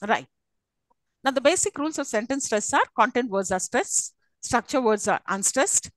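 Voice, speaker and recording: A woman with a fairly high voice lectures a class on English, pausing often to ask whether her students follow. The sound is close and dry, with no room echo. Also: lively intonation. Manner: teacherly, checks understanding often.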